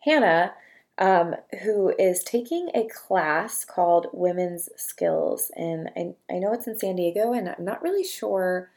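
A young woman hosting a podcast, talking casually to listeners, then reading a long list of feeling words slowly and softly one at a time. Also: fairly low pitch, expressive, gravelly. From California. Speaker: podcast host.

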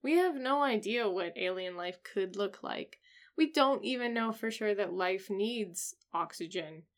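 A woman at an ordinary middle pitch chats with her co-host. She leans on fillers and laughs easily. Her speech is loose and conversational. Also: animated, a little slow. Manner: chatty, filler-heavy, laughs often. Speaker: podcast co-host. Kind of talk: casual chat.

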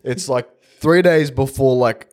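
A man's voice: medium pitch, a little slow. A man, co-hosting a podcast in a casual chat, swearing a lot, grumbling and teasing. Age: late teens. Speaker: podcast co-host.

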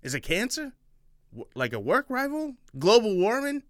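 A man voicing a relaxed, chatty young boy in a spoken Halloween tale. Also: sits high, moderate pace, faint music behind, pitched above the performer's own voice. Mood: curious. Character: easygoing young boy, upbeat.

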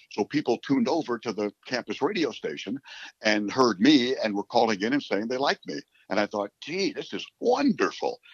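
An older man from New York City, a sportscaster, rambling through a long interview answer with repeated words and animated asides. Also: mid-range voice, breathy edge, no echo. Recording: slightly dull, dry recording.

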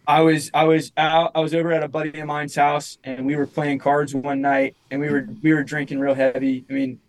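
A man's voice: on the high side, a little fast, creaky, poor audio. A young man, a musician guest, telling a personal story in casual chat, rambling with lots of restarts and fillers.

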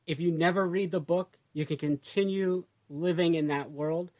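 A man's voice: on the high side, steady tone, moderate pace, a little mellow. A man co-hosting a podcast in casual chat, talking loosely with lots of "like" and trailing phrases. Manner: chatty, trails off, many fillers like "like". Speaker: podcast co-host.

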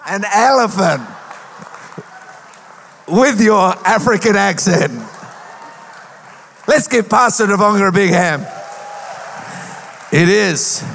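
A man preaching a lively sermon as a pastor, with a sing-song rhetorical delivery. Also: high-pitched. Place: church auditorium. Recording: long hall reverb.

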